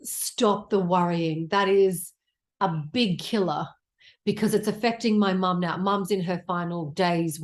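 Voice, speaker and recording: An Australian woman in her forties giving a casual tarot reading, blunt and chatty, with plenty of swearing. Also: lowish voice. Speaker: tarot reader.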